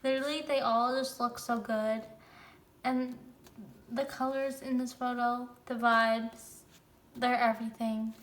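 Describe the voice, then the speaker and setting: A young woman unboxing a photobook in casual chat, gushing with excited exclamations and sometimes dropping to a soft whisper. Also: a little high, measured pace. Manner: drops to soft whispers at times. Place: room with a countertop, squeaky chair. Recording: echoey room with faint ambience.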